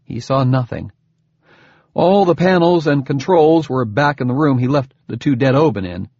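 A man reading a novel aloud as an audiobook narrator, with expressive storytelling and dry humor. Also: mid-range voice, moderate pace, slightly rough, no echo. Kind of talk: scripted narration. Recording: dull lo-fi, dry close recording.

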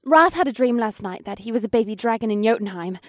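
Curious, brisk young heroines of a fantasy audiobook, voiced by a woman. The voice sits somewhat high and stays conversational, full of questions. The sound is dry and close to the mic. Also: no room sound, close to an everyday voice. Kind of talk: audiobook character dialogue.

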